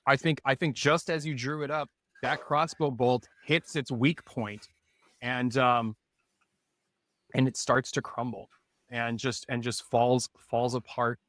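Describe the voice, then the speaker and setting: A man's voice: medium pitch, fairly even intonation, unhurried, a bit bright, no echo. A man narrating as game master for a tabletop game, rambling and hesitant with lots of fillers.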